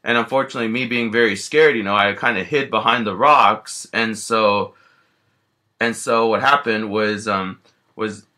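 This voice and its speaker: A man's voice: fairly low pitch, normal speed, sharp tone. A man casually telling a rambling first-person story as a bear character, filling his sentences with lots of "you know" and restarts.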